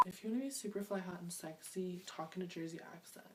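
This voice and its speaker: A woman's voice: lowish voice, steady tone, fast, hardly any pauses. A young woman vlogging to camera in a playful, rambling, self-mocking way. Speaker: beauty and fashion vlogger. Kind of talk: casual chat to camera. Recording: distant mic with faint noise.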